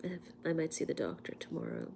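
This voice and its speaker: A woman from India hosts a casual livestream from her home. She is hoarse from a cold, speaks softly, often slips into a whisper, and coughs now and then. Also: sits low, sing-song, fast talker, slight background noise. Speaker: livestream host and physics teacher. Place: at home, indoors.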